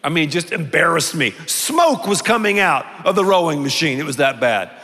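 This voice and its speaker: A male pastor preaching a sermon, telling stories and acting out his own thoughts in a lively way. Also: on the high side, moderate pace. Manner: animated storytelling, acting out his own inner voice. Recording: long reverb of a large hall.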